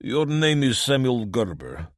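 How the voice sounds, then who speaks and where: A man's voice: mid-range voice, sing-song, a little slow, no echo, studio quality, pitched above the performer's own voice. A man voicing a cold, commanding male warlord with a thick Eastern European accent, giving formal, threatening orders.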